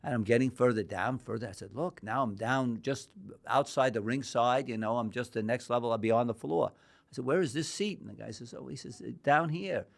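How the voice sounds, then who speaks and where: An older New Yorker, a boxing historian guesting on a podcast interview, speaks briskly in a steady, creaky mid-range voice. He tells long, rambling anecdotes and acts out the quoted dialogue.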